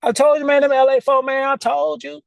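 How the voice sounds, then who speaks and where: A man putting on his amped-up, shrill old self. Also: flat delivery, brisk, creaky, no echo, studio quality. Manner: insistent, keeps repeating himself.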